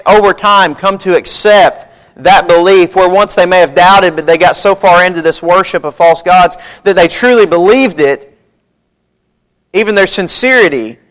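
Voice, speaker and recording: A man's voice: sits high, a bit bright. A man preaching a sermon, reading scripture aloud in a folksy, emphatic way. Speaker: pastor. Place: church sanctuary.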